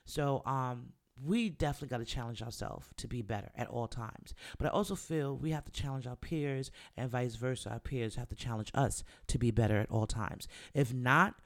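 A man's voice: medium pitch, moderate pace, few pauses. A man who makes music, talking casually and candidly in a monologue, swearing freely and acting out what friends said. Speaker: musician, rapper.

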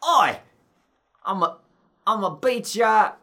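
A woman voicing a male cartoon poodle thug with a put-on Cockney gangster accent, gruff and threatening. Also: medium pitch, slow pace, pushed and bright, pitched above the performer's own voice.

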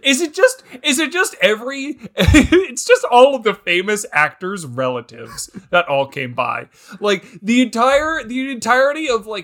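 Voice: medium pitch, expressive, measured pace, fairly bright tone. A podcast co-host in casual movie-review banter, laughing often and slipping into mocking impressions.

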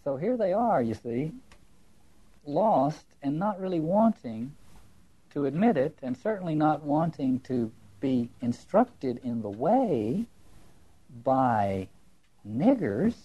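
Mellow, husky man lecturing emphatically. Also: on the high side, very animated, slow pace, highs cut off. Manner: emphatic, musing, repeats words and poses rhetorical questions. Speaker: lecturer on literature and religion.

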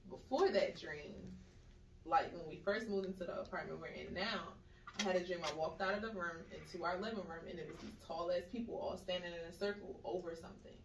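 A woman in casual chat, telling dream stories in a slangy, animated way and acting out the voices she quotes. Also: fairly low pitch, a little fast, a little hiss or hum. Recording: echoey room, mic at a distance.

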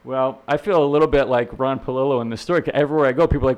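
A middle-aged man, a real estate instructor, telling stories casually on a podcast, animated and laughing, often repeating words and acting out quotes. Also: mid-range voice, very fast, few pauses.

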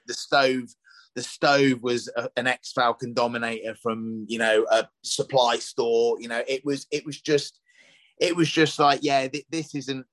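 A middle-aged man speaking at an ordinary pitch, recounting his past in a loose, rambling way and circling back with fillers as he goes. The recording is dry and close, with almost no room sound. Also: fairly bright tone, dry recording, low-quality recording. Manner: rambling, with many restarts and "you know" fillers. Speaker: chef and restaurateur, podcast guest. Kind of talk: casual storytelling interview.

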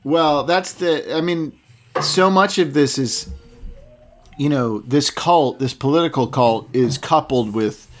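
Dry, blunt man with a slightly high voice. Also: takes it slowly. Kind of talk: casual chat.

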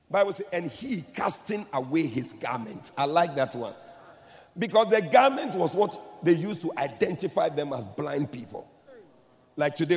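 Male preacher, sermon, high voice, emphatic, soft then shouting, long hall reverb.

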